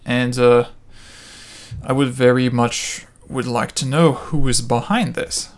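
A man's voice: medium pitch, fairly even intonation, takes it slowly. A man hosting a video game playthrough, talking casually and joking as he plays. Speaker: let's play host. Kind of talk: gaming commentary. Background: game music.

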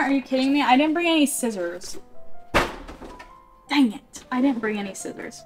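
A woman vlogger chatting excitedly to her viewers as she unboxes collectible toys, gushing and struggling with the packaging. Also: high voice, normal speed, pauses often, over music. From California, USA. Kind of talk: casual unboxing vlog.

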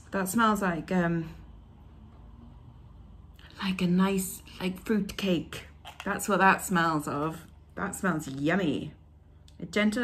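A woman chatting casually as she unboxes beauty products, reading labels aloud with fillers along the way. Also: fairly low pitch. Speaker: beauty vlogger.

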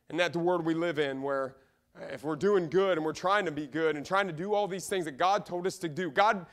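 A man with a Midwestern American accent preaches in a church sanctuary, his voice sitting high for a man. He is fervent and swings from loud outbursts down to quiet, low asides. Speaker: pastor. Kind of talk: sermon.

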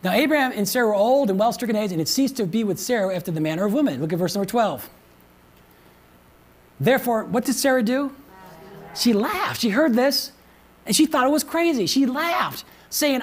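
Husky-voiced man preaching. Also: very high-pitched, lively intonation, a little fast. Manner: conversational, repeats phrases, quizzes the congregation. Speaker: pastor. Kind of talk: sermon. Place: church.

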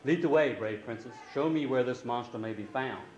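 A man's voice: mid-range voice, a little fast, a little mellow, reverberant, muffled recording, slight background noise, close to an everyday voice. A man voicing a brave, noble young knight in a storybook, declaiming sternly in a raised voice.

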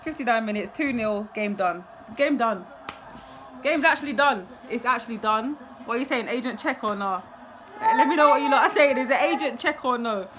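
A woman's voice: fairly high pitch, lively intonation, moderate pace, noisy background. A young woman, a football fan giving a live, emotional match reaction full of exclamations and repeated phrases.

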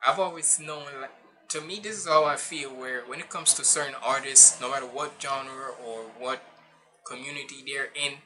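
Man, reaction host, casual slangy rambling, tense bright tone, middle pitch. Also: fairly even intonation, moderate pace. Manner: rambling, loose, frequent restarts and slang. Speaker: music reaction channel host.

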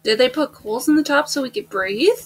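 A woman's voice: big pitch swings, fairly quick, breathy edge. Bubbly, jokey young woman gamer. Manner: bubbly, jokey, jumps into sudden high exclamations. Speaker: let's-play host. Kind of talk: casual gaming chat.

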